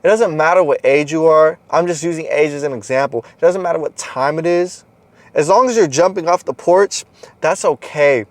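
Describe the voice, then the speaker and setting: Man, motivational speaker, blunt and profane, fairly high voice, dry close sound. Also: normal speed, dry recording. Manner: intense, blunt and profane, urging the listener; swings between loud exhortation and low, quiet stretches. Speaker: motivational content creator. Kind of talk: motivational monologue.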